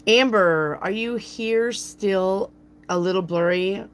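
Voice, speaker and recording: A woman with a gruff, raspy voice, hosting a live tarot reading and chatting playfully with viewers by name. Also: medium pitch, slow pace. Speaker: tarot reader, channel host. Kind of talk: live-stream tarot reading, answering chat.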